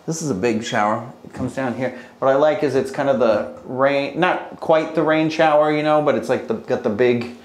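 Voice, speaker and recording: A man's voice: mid-range voice, normal speed, hardly any pauses, slight background noise. Chatty man giving a joking room tour. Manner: chatty and jokey, self-mocking asides. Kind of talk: casual walk-through vlog.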